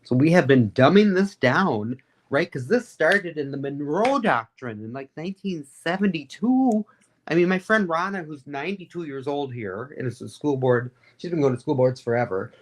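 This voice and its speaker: A woman being interviewed, telling stories in a rambling, animated and candid way, with frequent fillers. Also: low-pitched, normal speed, a little hiss or hum. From Florida. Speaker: guest, advocate and radio host. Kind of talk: casual interview storytelling.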